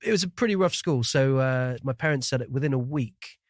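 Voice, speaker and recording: A man who grew up in the Shetland Islands and speaks with a faded, neutral accent, hosting a podcast in casual chat, self-deprecating and quick to laugh. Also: mid-range voice, expressive, dry recording, clean studio sound. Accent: neutral, faded Scottish. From Shetland Islands, Scotland. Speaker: podcast host.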